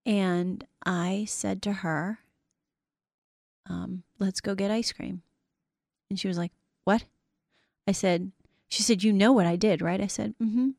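A woman's voice: medium pitch, vocal fry, a little mellow, dry recording. Woman host for a faith talk show, middle-aged, earnest and encouraging, quotes scripture, dry close mic.

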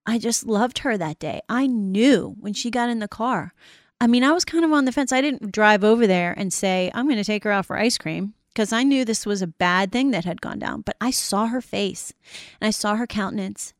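A woman's voice: medium pitch, normal speed, dry recording. Woman host for a faith talk show, middle-aged, earnest and encouraging, quotes scripture, dry close mic.

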